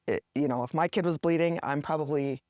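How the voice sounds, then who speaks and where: Middle-aged woman, podcast guest, expressive storyteller, mid pitch, dry close sound. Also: fairly quick, no room sound. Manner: animated, acts out quotes with rising pitch. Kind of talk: casual storytelling interview.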